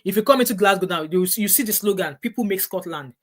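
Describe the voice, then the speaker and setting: A woman's voice: mid-range voice, fast talker. Nigerian woman giving earnest advice. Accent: Nigerian English. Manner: earnest, repetitive, with frequent restarts. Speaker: vlogger. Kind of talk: casual advice vlog.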